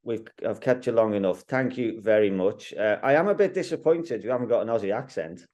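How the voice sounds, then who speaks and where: A man with a low, mellow voice hosts a racing interview. He is chatty and friendly, teasing his guest as they talk. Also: lively intonation, brisk. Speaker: racing TV presenter. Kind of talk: interview, casual chat.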